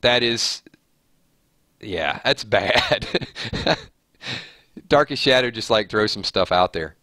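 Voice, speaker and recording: A man's voice: fairly low pitch, animated, slow pace, pushed and bright, dry recording, clean studio sound. A man with a nasal voice hosting a live stream, chatting casually and reading viewer comments aloud with easy laughs.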